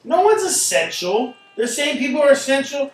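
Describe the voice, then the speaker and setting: High-voiced man swearing in echoey room. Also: normal speed, recorded from a distance. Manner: animated, swears a lot, acts out quoted people. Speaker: podcast host. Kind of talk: casual chat.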